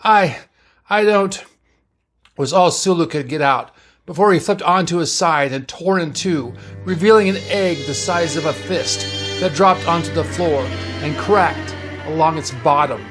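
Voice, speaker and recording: A man's voice: a little high, moderate pace, over music. Man narrating a spoken story. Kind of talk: reading a fan science-fiction story aloud.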